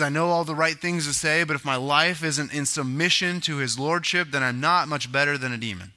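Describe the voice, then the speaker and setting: Bright-voiced pastor preaching casually. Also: male voice, a little high. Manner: conversational teaching with asides and self-corrections. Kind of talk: sermon.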